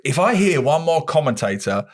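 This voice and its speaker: Lively, joking man co-hosting. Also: fairly high pitch, normal speed. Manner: animated, jokey and emphatic. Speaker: football podcast co-host. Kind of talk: casual chat.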